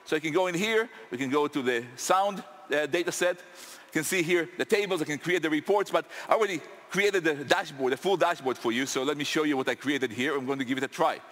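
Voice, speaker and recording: A man giving a lively live product demo on stage in a large conference hall, stirring up the audience. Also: a little high, brisk. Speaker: tech demo presenter. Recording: echoey hall with crowd noise.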